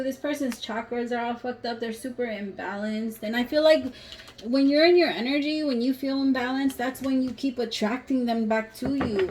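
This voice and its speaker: Brief: woman tarot reader, slightly high voice, blunt and swearing, hiss behind her. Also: a little mellow. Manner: blunt, emphatic, swears freely. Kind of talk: casual tarot reading to camera.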